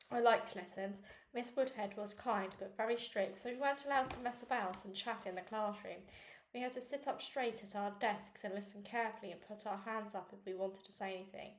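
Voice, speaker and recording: Woman reading a children's book aloud. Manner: reads with small slips and restarts, lifts pitch for quoted girls. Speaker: reader. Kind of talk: read-aloud book narration. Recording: echoey room with faint noise.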